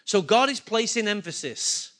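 A man's voice: high voice, animated, normal speed, a bit bright. A male pastor preaching a sermon, emphatic and full of rhetorical questions to his congregation.

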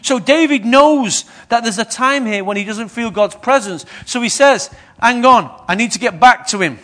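A man delivers a sermon in a high, lifted voice. He keeps checking in with the congregation, throwing questions at them as he preaches. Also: normal speed, a bit bright.

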